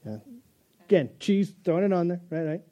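A man's voice: high voice, steady tone, fast, warm tone, lo-fi sound. A male pastor delivering a conversational sermon, joking and restarting as he goes.

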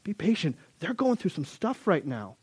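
A male preacher quoting God, speaking to Moses softly and reassuringly in his sermon. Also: sits high, sing-song, normal speed, slightly rough, no room sound, heavily acted. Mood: gentle.

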